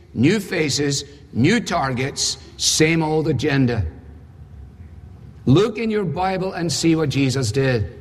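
A man preaching a sermon, emphatic, with rhetorical questions and dry humor. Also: mid-range voice. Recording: husky voice in reverberant hall.

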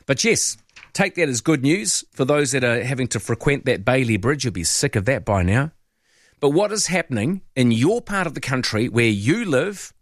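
A man's voice: mid-range voice, sing-song, normal speed, no room sound, clean studio sound. A man with a New Zealand accent hosting overnight talk radio, chatting in a rambling way and inviting listeners to call. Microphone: studio microphone.

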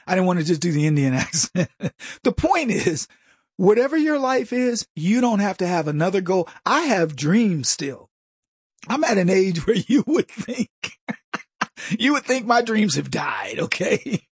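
A middle-aged man hosting a talk show, delivering a comedic monologue with frequent laughter and quick impressions of other people. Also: high voice, slightly rough, no room sound, studio quality. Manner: animated, laughs often, mimics others' voices. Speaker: host.

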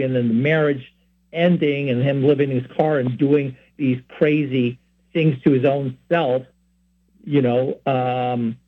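A man from San Francisco who hosts a Catholic program, giving rambling, earnest spoken teaching with many asides. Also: on the high side. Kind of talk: informal spoken teaching and personal story. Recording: tinny phone-like sound.

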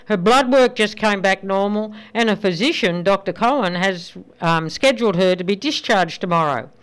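A friendly hospital switchboard operator, read aloud by a woman. She speaks a little higher and brighter than normal, and her voice is smooth and clear. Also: moderate pace, close to an everyday voice. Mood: helpful. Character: kind, helpful female hospital phone operator.

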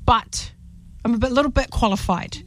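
A woman's voice: a little high, normal speed. A woman hosting breakfast radio, playful and teasing with a mock-boastful streak, speaking into a studio microphone. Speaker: radio host.

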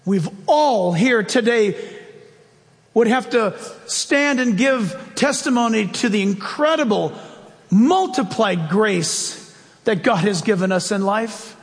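A pastor delivering a sermon in a church, his fairly high voice carrying through a long, ringing hall reverb. He preaches in an animated, storytelling way, jumping up and down in pitch as he acts out his points. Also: slow pace.

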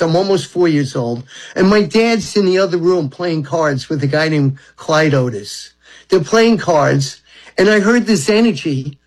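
A man's voice: sits high, low-quality recording. A man in his seventies, a talk-show guest from Brooklyn, telling rambling, earnest stories about his spiritual life. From Brooklyn, New York. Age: 70s. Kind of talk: reflective storytelling.

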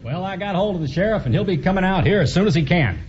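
A folksy country farmer. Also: male voice, high-pitched, lively intonation, quick pace, darkish tone, a little hiss or hum. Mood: neighborly. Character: friendly folksy male farmer of the 1920s. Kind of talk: audio drama acting. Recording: slightly dull audio drama recording.

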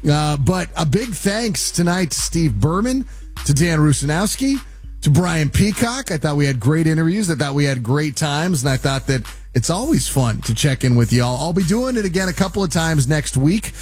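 A man's voice: expressive, moderate pace, darkish tone, husky, faint music behind. A man, a sports radio host chatting casually as he wraps up his show, a little nasal in tone. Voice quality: nasally deep voice. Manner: chatty, self-deprecating, plugging.

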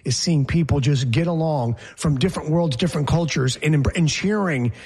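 A man's voice: a little high, normal speed, a little mellow, breathy edge. A man hosting a sports talk show, opinionated and rambling as he jokes through the banter.

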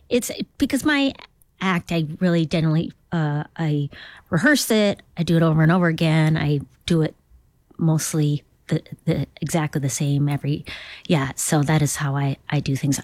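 A woman comedian from Minnesota rambles through a casual interview in a self-deprecating way. Her voice sits fairly low and the sound is dry and close. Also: a little mellow, no echo. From Minnesota, USA. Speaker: comedian guest.

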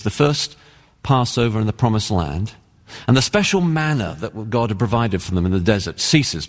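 A man with an English accent preaches with an earnest, emphatic delivery. His voice sits fairly low and swings widely up and down, and it trails a long reverb from the church hall. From England. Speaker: pastor. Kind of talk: sermon. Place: church sanctuary.

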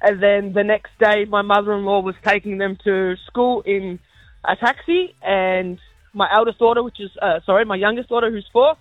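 A man's voice: high-pitched, steady tone, moderate pace, no echo, phone-quality sound. A man calling in to a radio show and telling an easygoing, rambling story about his daughter. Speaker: caller. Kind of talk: phone-in storytelling.

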